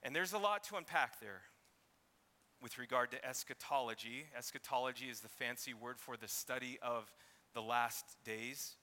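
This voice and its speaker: A man's voice: mid-range voice, normal speed, bright, forceful tone, long reverb tail. A man preaching an expository sermon, reading scripture and sometimes acting out mocking voices. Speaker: pastor.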